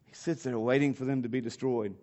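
A man preaching a sermon in a conversational, halting way. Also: mid-range voice, fairly even intonation, dark tone. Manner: conversational, halting, with restarts and fillers. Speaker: pastor.

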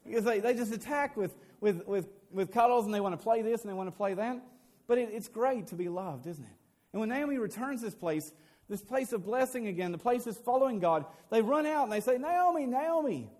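A man's voice: high voice, a little fast, a little mellow. A man preaching a sermon as a pastor, earnest, often repeating words as he builds a point.

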